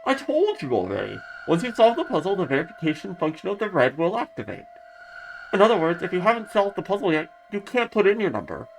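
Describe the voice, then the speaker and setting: A woman's voice: fairly low pitch, wildly swooping pitch, fast talker, vocal fry, a little hiss or hum, exaggerated voice, low-quality recording. A woman voicing a pompous, condescending man who holds a girl captive, mocking and scolding her as she reads a visual novel aloud. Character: pompous condescending male captor, adult. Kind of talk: dramatic reading of a visual novel.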